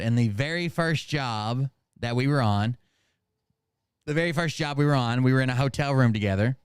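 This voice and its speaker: Guy telling a story, cussing and cracking up, smooth clear voice, dry sound. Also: mid-range voice, dry recording. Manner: animated, profane, laughs at his own stories. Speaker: host. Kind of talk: casual storytelling.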